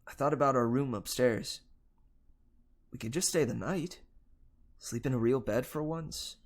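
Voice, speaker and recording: A man reading a novel aloud on a livestream, telling the first-person story in a steady, unhurried way. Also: mid-range voice. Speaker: livestream reader.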